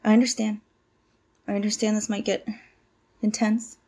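A woman's voice: mid-range voice, flat delivery, moderate pace, mellow, close to an everyday voice. Woman playing a flustered young cult recruit. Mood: nervous. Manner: flustered, stammering, apologetic. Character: nervous young woman joining a cult, eager to please. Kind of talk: audio drama monologue.

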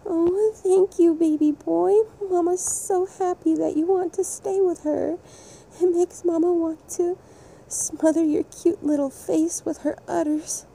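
A woman's voice: very high-pitched, a little hiss or hum, full character voice. Woman playing a cooing, doting furry cow mama. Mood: eager. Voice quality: soft, cooing and breathy. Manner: slow, soothing and affectionate, hushing often. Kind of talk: intimate adult audio role-play.

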